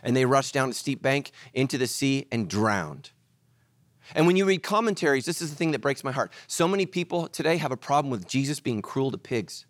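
A man preaching a sermon as pastor, animated, swinging between loud emphatic lines and hushed ones. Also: medium pitch, a little fast, no room sound.

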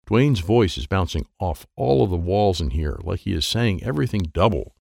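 A man narrating a children's audiobook in a lively first-person voice, adding sound effects as he reads. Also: deep voice, normal speed, gravelly, few pauses, no echo, studio quality.

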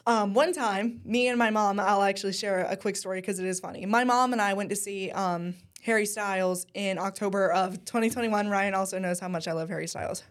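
A woman's voice: medium pitch, steady tone, a little fast, few pauses. Chatty young woman co-hosting a talk show. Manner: chatty and enthusiastic, with frequent ums. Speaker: co-host at a news station. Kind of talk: casual chat.

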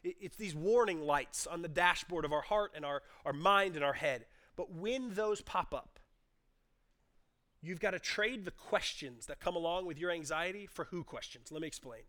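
A man in his thirties preaching a sermon as pastor, moving from quiet explanation to impassioned, rising appeals. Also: on the high side, animated, moderate pace.

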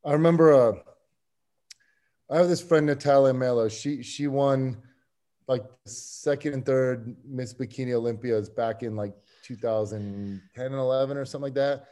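A man as a podcast guest, telling a story in an animated, excitable way with many restarts. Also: mid-range voice, normal speed. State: getting emotional. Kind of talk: casual chat.

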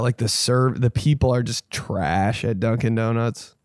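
A man hosting a comedy podcast, ranting casually with lots of swearing, rambling restarts and sudden loud mocking voices. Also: medium pitch, dry recording, clean studio sound.

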